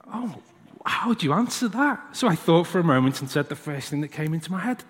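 A man's voice: fairly high pitch, animated, fairly quick. Man preaching in a reverberant church. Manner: storytelling, acts out his young son's voice. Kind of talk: sermon with personal story. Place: church hall.

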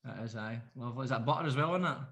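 Fast-talking Scottish man. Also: mid-range voice, gravelly, fairly bright tone. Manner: quick, teasing banter. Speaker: podcast co-host. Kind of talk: casual podcast chat.

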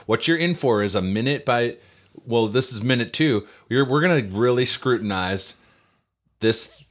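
A man's voice: medium pitch, animated, normal speed. A man co-hosting a comedy podcast, teasing his partner in casual banter. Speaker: podcast co-host.

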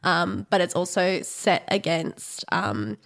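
Relaxed woman with a gravelly edge. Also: lowish voice, slow pace. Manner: relaxed, hesitant with fillers. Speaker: podcast panelist. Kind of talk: casual chat.

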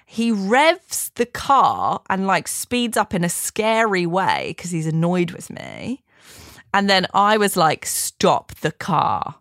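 A woman's voice: medium pitch, very animated, takes it slowly, a bit bright, no room sound, studio quality. A woman hosting a podcast, chatting casually and laughing as she tells a personal story. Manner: chatty, laughs while telling stories. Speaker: podcast host.

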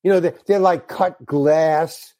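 Older man telling animated, profane stories. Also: a little high, slow, dry recording. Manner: animated, swears freely, acts out voices. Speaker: guest actor. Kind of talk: anecdotal storytelling.

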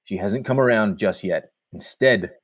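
A man's voice: lowish voice, normal speed, no room sound. A man hosting a chat, teasing the others dryly and narrating scene directions. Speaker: host and narrator.

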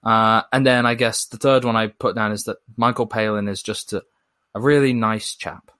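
A man talking in a relaxed conversation. He sounds thoughtful and measured, hedging his points with fillers as he goes. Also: lowish voice, clear, resonant tone. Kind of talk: casual conversation.

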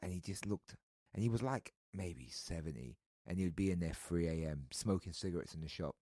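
A man's voice: low voice, brisk, warm tone, dry recording, studio quality. A man hosting a comedy podcast, slangy and sweary, acting out people in his stories. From London. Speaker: podcast host. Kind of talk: casual comedic chat.

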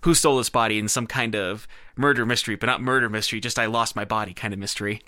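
A man co-hosting a podcast, dropping deadpan quips in casual chat. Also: lowish voice, fast talker, dry recording. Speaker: podcast co-host.

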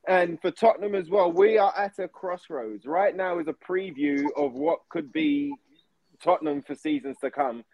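A man's voice: a little high, moderate pace, lo-fi sound. A man who is a podcast guest, talking earnestly and emphatically in casual chat.

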